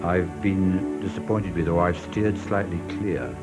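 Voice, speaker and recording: A man, an artist, speaking in a thoughtful, measured and slightly self-deprecating way in an interview. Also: low-pitched, fairly even intonation, loud music behind the voice. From Britain. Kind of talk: reflective interview.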